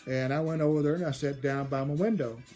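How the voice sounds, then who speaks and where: A man's voice: fairly high pitch, steady tone, fast talker, mellow, faint music behind. A man telling a personal story from his childhood, rambling and often repeating and restarting his phrases. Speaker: storyteller host.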